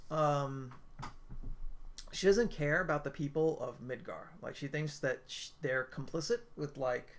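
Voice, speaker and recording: A man's voice: fairly high pitch, a bit bright. A man giving a casual, rambling game review, full of filler words and restarts. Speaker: gaming video creator.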